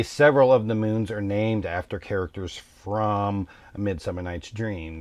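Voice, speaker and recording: A man hosting a board game channel, explaining casually with relaxed fillers. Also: on the low side, no room sound.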